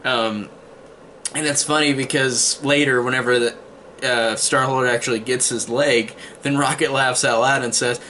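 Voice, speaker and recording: A man talks through a movie review in a loose, rambling way, often restarting his sentences and leaning on fillers. His voice has a bright, forward edge, with a faint hiss of noise underneath. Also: mid-range voice, steady tone, moderate pace. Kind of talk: casual spoken movie review.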